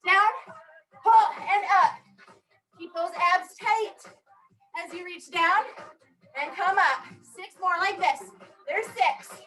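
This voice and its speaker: A woman's voice: extremely high pitch, slow pace, long pauses, bright, forceful tone, rough recording. A woman leading a strength workout class, counting reps and cheering the class on in an upbeat way, a little out of breath. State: a bit out of breath. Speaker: fitness instructor.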